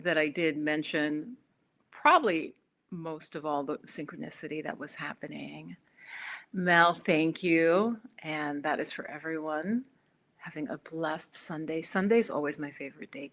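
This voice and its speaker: A woman's voice: deep voice, fairly bright tone. A middle-aged American woman chatting casually on her own livestream, rambling with restarts and fillers. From United States. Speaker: spiritual YouTuber.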